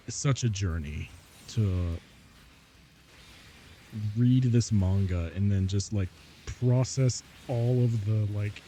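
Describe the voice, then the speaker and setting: Slow, mellow-voiced male streamer rambling. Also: on the low side, slight background noise. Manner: rambling, laughs often between thoughts; says "y'all" and "like" a lot. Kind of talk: casual live-stream chat.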